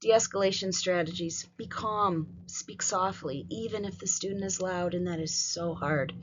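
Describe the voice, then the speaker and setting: A woman presenting a staff training session on calming students, talking conversationally and often checking in with "right?" and "um". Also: on the low side, moderate pace. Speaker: school behavior trainer. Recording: dull lo-fi audio with faint noise.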